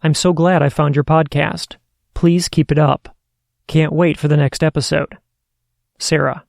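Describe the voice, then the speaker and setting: A man hosting a podcast, reading listener stories aloud in a steady, earnest way. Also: fairly high pitch, a little slow, creaky, no echo, clean studio sound. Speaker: podcast host.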